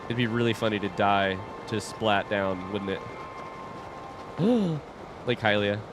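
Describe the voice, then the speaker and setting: A young man commentating his own blind playthrough of a video game, awestruck and excitable, swearing when surprised. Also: lowish voice, normal speed, over music. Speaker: gaming streamer. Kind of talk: live gameplay commentary.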